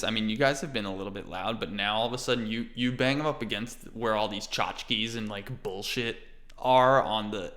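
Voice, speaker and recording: A man's voice: medium pitch, bright, forceful tone. A man narrating as game master in a casual, profane, often laughing way.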